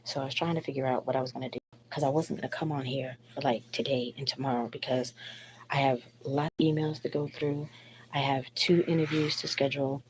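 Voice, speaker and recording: A woman with a low voice vents on a live stream, blunt and full of swearing. She is sick with the flu and rambles into her phone at home late at night, with a faint hum behind her. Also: steady tone, fairly quick, darkish tone. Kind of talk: casual live stream venting.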